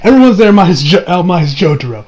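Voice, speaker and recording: A man's voice: high voice, big pitch swings, fast talker, a little mellow, a little hiss or hum. A man casually recapping an anime episode, rambling with laughs and joking asides. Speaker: anime reviewer.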